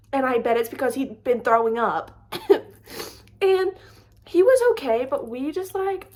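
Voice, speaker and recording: Chatty young woman telling a story. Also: a little high. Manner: chatty, lots of "like", animated retelling. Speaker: storytime creator. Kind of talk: casual storytime chat.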